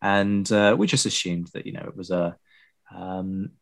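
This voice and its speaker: A man's voice: deep voice, fairly even intonation, moderate pace, creaky. A man from southern England chatting casually and telling a story, with fillers like "you know". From Bournemouth, England. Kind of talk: casual chat.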